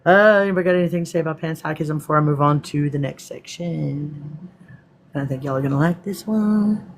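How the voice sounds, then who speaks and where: A man's voice: on the high side, brisk. A man with a Texan accent hosting a live stream, reading from a script and breaking off to answer viewers in a casual, swearing manner. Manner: casual, profane asides to viewers.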